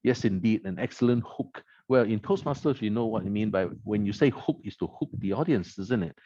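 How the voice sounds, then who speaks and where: A man's voice: lowish voice, brisk, dark tone, no echo, dull audio. A man at a club meeting, reviewing the evening's speeches, quoting lines back and naming the rhetorical devices in them. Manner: analytical, quotes lines and names rhetorical devices. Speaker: meeting evaluator.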